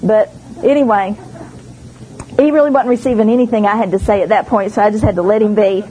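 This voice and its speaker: A woman's voice: mid-range voice, steady tone, brisk, mellow, rough recording. A woman preaching a sermon, emphatic and storytelling, voicing the people she quotes. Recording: faint background noise.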